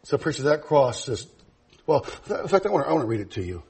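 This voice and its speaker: A pastor preaching a sermon to his church, moving from low, quiet passages to loud, high, laughing emphasis. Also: big pitch swings, fast talker, slightly rough.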